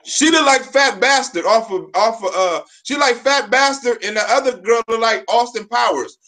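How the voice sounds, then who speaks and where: A man co-hosting a live stream, bantering with loud, profane, reactive interjections. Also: very high voice, moderate pace.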